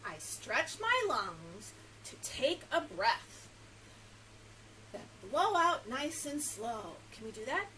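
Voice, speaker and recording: A woman's voice: on the high side, takes it slowly, a little hiss or hum, rough recording. A woman librarian reading a picture book aloud to young children, asking them questions and laughing often. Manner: animated, coaxing questions to young listeners.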